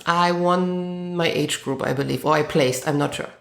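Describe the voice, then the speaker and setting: A woman in her forties from Germany with a German accent, answering interview questions in a relaxed way with lots of ums. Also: low-pitched, normal speed, gravelly, echoey room. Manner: relaxed, frequent ums and uhs. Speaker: guest runner.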